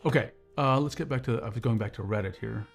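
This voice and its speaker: Calm, measured man chatting on a stream. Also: medium pitch, gravelly, soft background music. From United States. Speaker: livestream host. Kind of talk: casual livestream chat, reading viewer comments.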